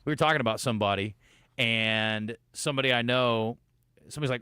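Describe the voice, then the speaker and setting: A man's voice: medium pitch, a little fast, sharp tone, clear, resonant tone, no echo, studio quality. A man hosting a radio show, joking casually with his co-host and reading listener texts aloud. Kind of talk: casual sports radio banter. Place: radio studio. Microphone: studio microphone.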